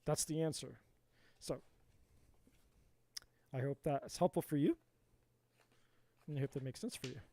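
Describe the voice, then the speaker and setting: A man's voice: a little high, a little slow, creaky, long pauses, warm tone, dry recording. A man giving a live-stream tarot reading in an emphatic, repetitive, motivational way. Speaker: tarot reader.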